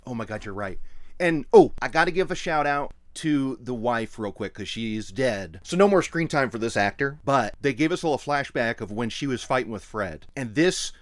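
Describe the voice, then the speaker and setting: A man co-hosting a podcast in casual chat, animated, laughing often and swearing. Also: medium pitch, moderate pace, no room sound. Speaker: podcast co-host.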